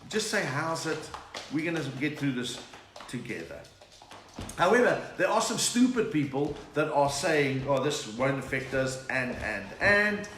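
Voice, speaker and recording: A middle-aged South African comedian, his voice a little high and a bit bright with big pitch swings, chats and jokes with viewers on a home livestream at a measured pace. He bursts into laughing song bits now and then. The echoey room carries a faint hiss.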